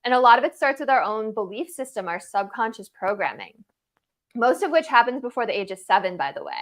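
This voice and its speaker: A woman's voice: fairly high pitch, lively intonation, brisk. A woman guest coach talking in a casual interview, making emphatic points in rhythmic repeated lists and checking in with "right?".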